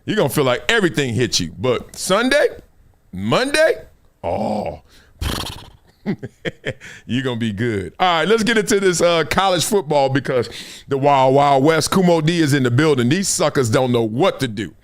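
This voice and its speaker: Lively high-voiced man hosting sports talk. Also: moderate pace. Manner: preachy storytelling, acts out quotes, laughs often. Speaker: host.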